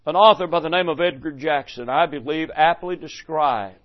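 An older man delivers a sermon in a slightly high voice. He swings from loud declarations to slow, hushed phrases and puts rhetorical questions to his congregation. The recording is muffled and lo-fi. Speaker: pastor. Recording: dull lo-fi recording.

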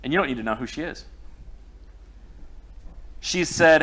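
A man's voice: a little high, animated, measured pace, pauses often, a bit bright. A middle-aged man preaching a sermon, telling a personal story in a conversational way.

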